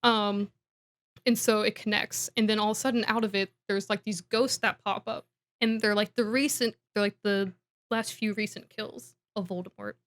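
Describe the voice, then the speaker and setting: A woman's voice: mid-range voice, steady tone, moderate pace, fairly bright tone. A woman co-hosting a podcast, casually recapping a book as a rambling storyteller with lots of fillers. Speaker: podcast co-host.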